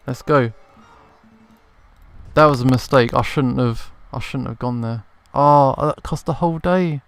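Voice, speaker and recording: A man's voice: mid-range voice, moderate pace, vocal fry, soft background music. A man commentating his game playthrough, thinking aloud and second-guessing himself. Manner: thinking aloud, self-doubting. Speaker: let's play gamer.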